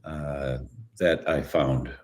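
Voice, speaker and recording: A man telling stories as a guest in an interview, relaxed and acting out the voices of people he quotes. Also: very deep voice, very slow. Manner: relaxed storyteller who acts out quoted voices. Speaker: guest, chiropractor. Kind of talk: storytelling interview answer.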